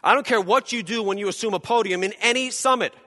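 A male pastor preaches with a high, bright voice that has a ringing edge. He swings from loud to hushed as he acts out imagined voices. His words trail off into a long hall reverb from the church around him. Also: quick pace. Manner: dramatic, acting out quoted voices, swings from loud to quiet. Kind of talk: sermon.

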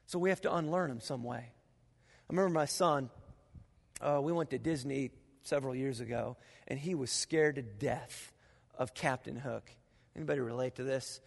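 A man preaching a sermon as pastor, telling stories with animated sound effects in a church auditorium. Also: on the high side, fairly quick. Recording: long reverb of a large auditorium.

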